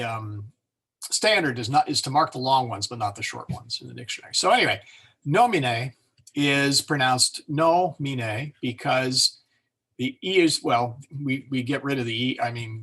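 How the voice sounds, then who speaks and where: Husky man teaching a Latin class. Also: mid-range voice, a bit bright. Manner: hesitant, many fillers and self-corrections. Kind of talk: informal classroom lecture.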